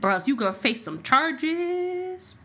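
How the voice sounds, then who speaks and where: Woman, bright tone, slightly high voice, sassy podcast co-host, casual recap chat. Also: slow, slight background noise. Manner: animated retelling with quoted dialogue, sassy.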